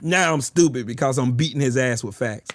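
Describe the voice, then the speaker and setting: A man's voice: medium pitch, dry recording. A man livestreaming, taunting and mocking someone, repeating his jabs and laughing hard. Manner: repeats phrases over and over. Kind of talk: live stream trash talk.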